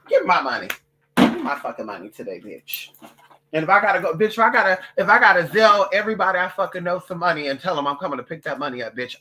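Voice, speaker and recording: Foul-mouthed, bright-voiced ranting vlogger. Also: medium pitch. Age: adult, parent of a toddler. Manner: profane, loud and animated, swearing constantly; drops into mocking voices for others. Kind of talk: ranting monologue to camera.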